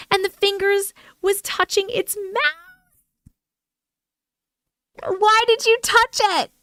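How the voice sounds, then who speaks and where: High-voiced woman reading stories on a livestream. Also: a bit bright, dry recording. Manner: chatty, breaks into her own reading with startled reactions. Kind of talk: casual live chat and reading stories aloud.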